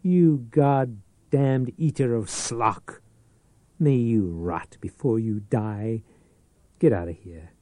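A man's voice: mid-range voice, takes it slowly, mellow, no echo, close to an everyday voice. A man reading aloud, voicing a wizened, bitter old pawnbroker who snarls and shrieks with sour hatred. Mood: venomous. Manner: snarling, sour, rising to screams.

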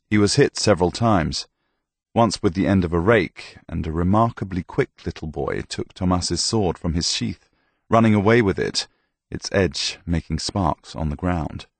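A man reading a novel aloud with measured, even storytelling, close to the mic. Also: sits low, vocal fry, breathy edge, no room sound. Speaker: audiobook narrator. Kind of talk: scripted narration.

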